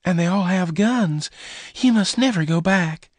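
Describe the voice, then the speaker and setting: A man voicing a gentle young woman in a read-aloud story, speaking softly and earnestly in a raised voice. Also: measured pace, no echo. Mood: worried. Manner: soft, earnest, pitched well above his own voice.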